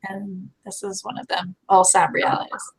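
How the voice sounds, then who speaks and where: Relaxed woman trailing off mid-thought. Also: mid-range voice, moderate pace, creaky, breathy edge, low-quality recording. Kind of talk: casual chat.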